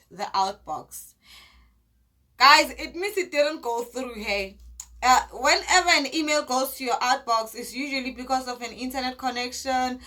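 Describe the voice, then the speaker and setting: A young woman tells a personal story in a lively, dramatic way and acts out each scene. Her voice is high and bright. She talks straight to her viewers in a casual tone. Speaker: vlogger.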